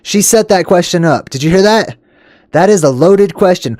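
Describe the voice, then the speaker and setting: A man hosting an excited commentary on clips, emphatic and animated, with sharp upward jumps on stressed words and lots of "okay" and "all right". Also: high voice, normal speed, dry recording, clean studio sound. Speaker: video host.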